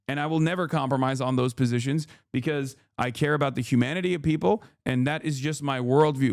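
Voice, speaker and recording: Guy ranting on his stream, swears a lot, kinda high voice, super dry mic. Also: dry recording. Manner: heated, emphatic, swearing. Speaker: streamer host reacting to a clip. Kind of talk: casual streamed commentary.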